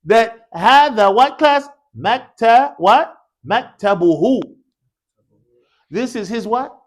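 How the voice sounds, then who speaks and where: A man leads an Arabic lesson in a mosque classroom, mixing English with short Arabic phrases. His voice sits high and swoops widely as he keeps quizzing the class with "what?" and drills them call-and-response style. The effect is a very animated delivery. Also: takes it slowly. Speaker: Arabic teacher.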